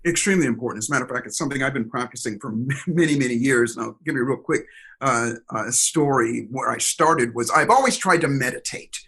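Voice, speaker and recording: A man telling stories in an interview, energetic and expressive, acting out the voices of people he quotes. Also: medium pitch, quick pace, creaky, breathy edge, poor audio. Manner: energetic, expressive, acts out dialogue. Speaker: guest, performance coach. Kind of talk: animated storytelling interview.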